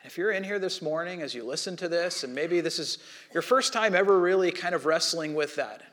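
Man, pastor, sermon, high voice, lively storytelling, acts out quotes, soft low prayerful passages. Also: a little fast.

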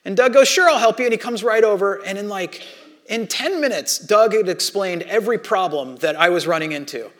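A man with a high-pitched voice delivers a sermon as a pastor. He tells it like a casual personal story, laughing at himself, and his volume rises and drops as he goes. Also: fairly quick. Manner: conversational, self-deprecating storytelling with lively swings in loudness.

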